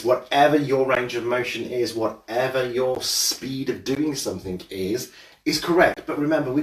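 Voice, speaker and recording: A man runs a live exercise class from a room at home. He greets each viewer by name with light jokes, then settles into steady, clear cues for posture and movement. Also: medium pitch, reverberant, far from the mic. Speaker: fitness instructor.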